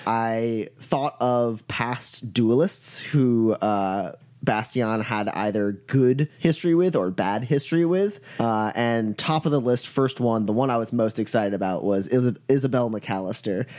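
A man's voice: mid-range voice, a little slow, hardly any pauses, darkish tone. A man who plays in the game and co-hosts, chatting casually and enthusiastically. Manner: enthusiastic, laughs often. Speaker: player and podcast co-host. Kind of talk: casual chat.

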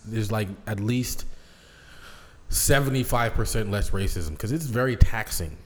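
A man co-hosting a podcast in casual chat, rambling and animated with lots of restarts. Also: fairly low pitch, a little slow. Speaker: podcast co-host. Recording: long hall reverb.

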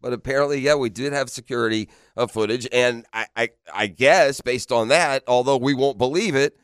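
A man's voice: mid-range voice, moderate pace, clean tone, dry recording, clean studio sound. A man hosting sports radio in a casual, playful way, laughing often and firing off rhetorical questions. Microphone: studio microphone.

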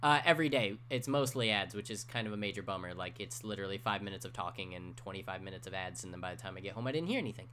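A man's voice: low-pitched, lively intonation, rapid-fire, hardly any pauses, bright, forceful tone, slight background noise. Rambling, swearing young man telling a story. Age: 20s. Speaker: podcast co-host. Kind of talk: casual chat.

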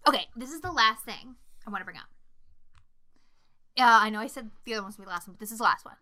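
A young woman co-hosting a casual horror movie podcast, swearing freely and telling scenes with lively, shouted impressions. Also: medium pitch, rapid-fire. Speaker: podcast co-host.

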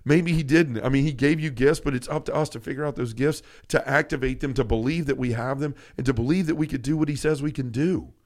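Guy on a faith podcast, earnest and emotional, keeps restarting sentences, mid pitch. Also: fast, hardly any pauses. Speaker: podcast co-host.

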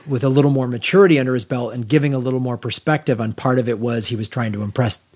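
An American man co-hosting a podcast in casual movie chat, talking in an animated, rambling way that repeats words and restarts sentences. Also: mid-range voice, fast talker. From United States. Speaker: podcast co-host. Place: garage.

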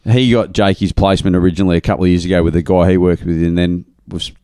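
A man's voice: low voice, steady tone, dark tone, clean tone, no room sound, studio quality. A middle-aged Australian man co-hosting a casual radio chat, trading jokes and retelling conversations. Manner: joking, quick with wisecracks. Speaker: radio show co-host. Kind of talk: casual banter.

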